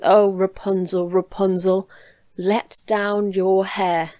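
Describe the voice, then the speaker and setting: A woman's voice: mid-range voice, flat delivery, takes it slowly, dark tone, no echo, natural voice. Woman reading as a young prince calling out. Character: young lovesick king's son.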